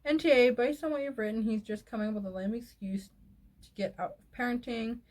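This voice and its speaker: A woman's voice: on the high side, a little fast, darkish tone. A woman hosting a video, reading posts aloud and breaking in with outspoken, exasperated commentary. She swears freely and laughs often between remarks. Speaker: online video host reading reader posts.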